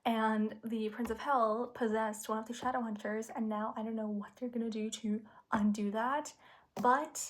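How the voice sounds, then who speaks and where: An excitable young woman talks to her camera about her reading in a slightly high voice. She gushes and rushes, and at tense moments she drops into a nervous whisper. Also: slight background noise. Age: young adult. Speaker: book vlogger. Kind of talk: casual vlog talk to camera.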